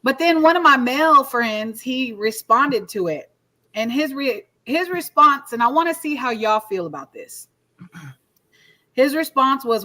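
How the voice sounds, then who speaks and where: A woman's voice: high voice, lively intonation, unhurried, pushed and bright, poor audio. A woman co-hosting a casual podcast discussion, telling a story with profanity and acting out what she and others said. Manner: storytelling, quotes herself and others, cursing. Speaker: podcast co-host.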